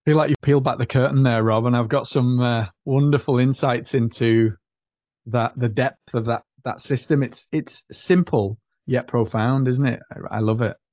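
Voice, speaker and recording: A man's voice: medium pitch, fairly even intonation, moderate pace, darkish tone, no room sound. Appreciative man, dry dull sound. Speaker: podcast co-host and coach. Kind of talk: podcast conversation.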